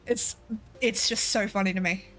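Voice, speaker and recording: A woman's voice: mid-range voice, steady tone, normal speed, fairly bright tone, faint music behind. A woman streaming a game, chatting casually, swearing freely and laughing often. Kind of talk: casual gameplay chat.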